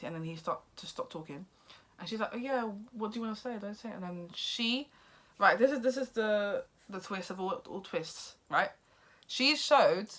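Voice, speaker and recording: A woman vlogger casually recapping a movie plot in a rambling way, acting out the characters' lines with excited outbursts. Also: fairly low pitch.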